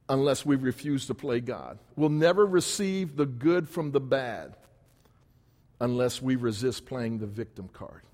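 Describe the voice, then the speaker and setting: A man's voice: mid-range voice, darkish tone. A man preaching a sermon as pastor in a church, emphatic and repetitive in his cadence. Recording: long hall reverb.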